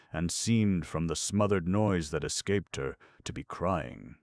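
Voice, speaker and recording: A man narrating a classic novel as an audiobook, in measured, dramatic storytelling. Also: low-pitched, expressive, dry recording.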